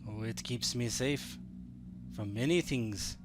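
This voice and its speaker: A man's voice: mid-range voice, slow, noisy background, lightly acted. A man voicing an odd old hermit who is impatient and smugly evasive. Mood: testy, smug.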